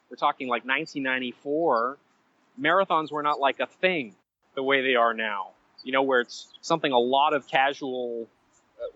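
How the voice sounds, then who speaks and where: A man telling stories as a podcast guest, animated and self-mocking, drifting into side stories. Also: medium pitch, muffled recording. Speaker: guest writer. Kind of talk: conversational storytelling.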